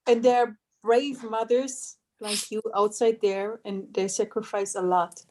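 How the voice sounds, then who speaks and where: A woman's voice: medium pitch, steady tone, a little slow, a little mellow, slight background noise. A woman in her thirties hosting a podcast, speaking sympathetically in a loose, casual way. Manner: sympathetic, loose, full of fillers and restarts. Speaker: podcast host.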